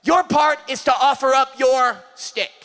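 A male pastor with a Californian accent, preaching an impassioned sermon, often shouting and acting out little scenes. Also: very high voice, a little slow. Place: church service.

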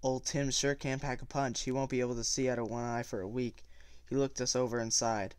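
A man's voice: mid-range voice, level tone, a little fast, darkish tone, clear, resonant tone, dry recording, close to an everyday voice. A man voicing a tough, cocky teenage hoodlum who speaks offhandedly and laconically. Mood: offhand.

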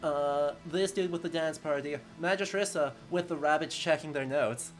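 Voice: medium pitch, moderate pace, soft background music. A live-stream co-host chatting casually, plugging the channel and recapping a game's story in an upbeat way. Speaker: co-host of a history gaming stream.

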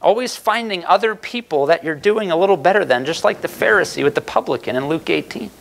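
A man's voice: sits high, expressive, fast, vocal fry. A man preaching a sermon as pastor, earnest and emphatic, asking the congregation rhetorical questions.

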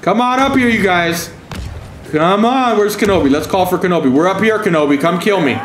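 A man's voice: brisk, echoey room, slight background noise. Sarcastic, profane man streaming a game. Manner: sarcastic, taunting, mock-scared high calls. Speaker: gaming streamer. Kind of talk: profane gameplay commentary.

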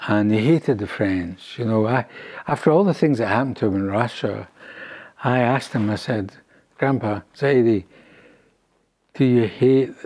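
An older man from Scotland telling a family story in an oral history interview, halting and rambling with frequent restarts. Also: medium pitch, darkish tone, husky.

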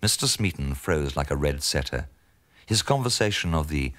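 A man's voice: very deep voice, normal speed, a bit bright. A man narrating a comic story in a pompous, theatrical way with sweeping emphasis.

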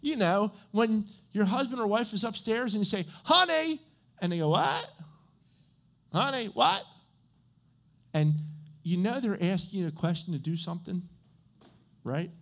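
A man pastor preaching a conversational sermon, often checking in with the congregation with "okay?" and "right?". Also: fairly quick. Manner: animated, with swings in pitch and loudness. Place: church.

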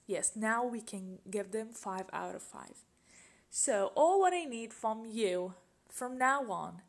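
A woman teaching an English grammar lesson, patiently asking questions and repeating example sentences. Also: a little high.

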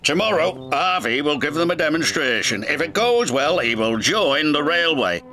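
A man's voice: on the high side, lively intonation, moderate pace, pushed and bright, slight background noise, pitched above the performer's own voice. A man voicing a proud, commanding male railway boss in a children's storybook. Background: background music.

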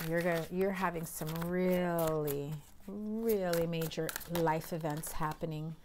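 A woman with a hoarse, low-pitched voice gives a chatty tarot reading to camera and often sinks into a breathy half-whisper. She keeps clearing her throat while she talks. A faint hiss sits under the recording. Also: steady tone, slow, darkish tone. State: hoarse, recovering from illness. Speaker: tarot reader.

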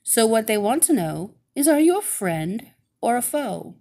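A kindly, matter-of-fact good witch from a storybook, voiced by a woman, who explains things at an unhurried pace. Her voice moves lively up and down. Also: a little high. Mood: calm.

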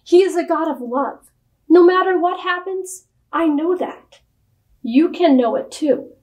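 In a storybook reading, a woman plays an earnest young missionary man. He speaks calmly and earnestly, at an unhurried pace and a high pitch. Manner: calm and earnest.

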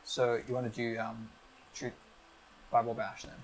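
A man acting as game master on a live stream, explaining each rule of a tabletop game step by step in a brisk, upbeat way. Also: mid-range voice, completely flat delivery, a little hiss or hum, low-quality recording.

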